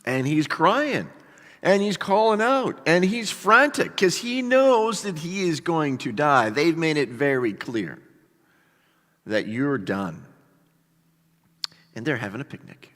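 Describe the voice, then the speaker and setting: A male pastor preaching a sermon with animated storytelling and casual asides to the congregation. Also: a little high, slow pace. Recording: long hall reverb.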